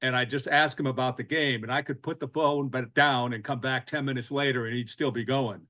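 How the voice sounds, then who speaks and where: A man, of middle pitch, tells a dry-humored story from his radio days. He speaks casually with a wry edge. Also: steady tone, a little fast, pushed and bright. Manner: wry anecdote telling. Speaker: former sports radio host. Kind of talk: casual podcast chat.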